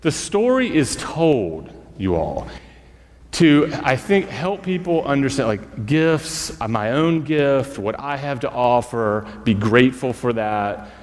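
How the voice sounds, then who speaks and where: A man preaching as a school chaplain, relaxed and conversational, dropping fillers and talking straight to the pews. His voice sits at an ordinary middle pitch. It rings out with a long church reverb. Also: slow. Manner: casual, conversational, with fillers and asides to the congregation. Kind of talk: storytelling sermon.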